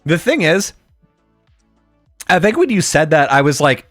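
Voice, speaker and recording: A man in his thirties telling a story on a casual podcast, rambling with many fillers and swearing, breaking into loud outbursts. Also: a little high, very animated, a little slow, pauses often, dry recording, clean studio sound, faint music behind. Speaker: podcast co-host.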